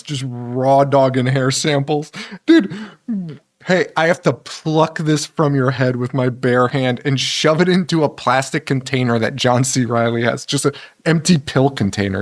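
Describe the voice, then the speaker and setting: A man co-hosting a casual horror movie podcast, animated, laughing often and swearing freely. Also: medium pitch. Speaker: podcast co-host.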